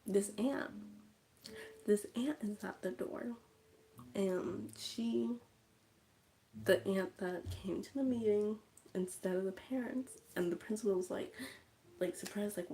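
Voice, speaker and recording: A woman's voice: mid-range voice, takes it slowly, pauses often, mellow. Woman streamer retelling a movie plot, chatty, says like a lot, faint hiss behind. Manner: chatty, lots of "like" fillers. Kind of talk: casual live movie recap.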